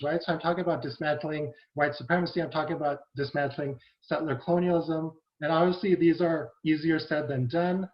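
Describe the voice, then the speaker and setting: Man, conference presenter, earnest, rhetorical tag questions, somewhat high voice, dull lo-fi call sound. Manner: earnest, with frequent rhetorical "right?" tags. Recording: muffled lo-fi online audio.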